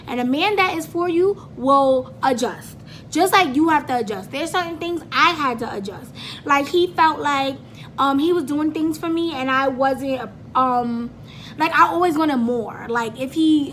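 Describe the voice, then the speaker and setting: A woman's voice: sits high, slight background noise. A young woman vlogger telling a story in a casual, dramatic way, acting out the quotes and swearing often. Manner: animated, dramatic retelling with acted-out quotes; slangy, frequent swearing.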